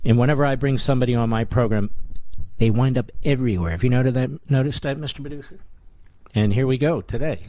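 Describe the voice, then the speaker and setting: A man hosting a talk radio show, delivering a combative, sarcastic monologue full of mocking rhetorical questions, his voice rising high in indignation. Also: quick pace, slight background noise. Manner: voice climbs high and loud in indignation.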